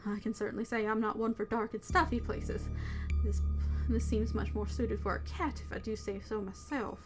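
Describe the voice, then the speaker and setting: A woman's voice: on the high side, steady tone, moderate pace, soft background music, close to an everyday voice. A woman voicing a prim, well-spoken pet cat with formal, genteel phrasing in a game. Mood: fussy.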